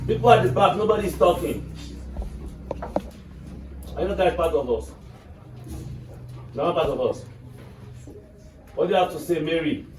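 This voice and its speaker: A man's voice: a little high, unhurried, long pauses. Nigerian male teacher, quizzing class, recorded from afar with light hiss. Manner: questioning students, repeats "are you getting me". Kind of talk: classroom English lesson. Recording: echoey classroom from far off with noise.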